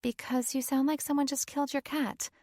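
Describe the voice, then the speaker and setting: A woman's voice: high voice, little pitch movement, fairly quick, dry recording, clean studio sound, pitched above the performer's own voice, close to an everyday voice. A woman narrator voicing a brash, pushy young woman friend who teases and demands answers over the phone. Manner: pushy, loud, teasing.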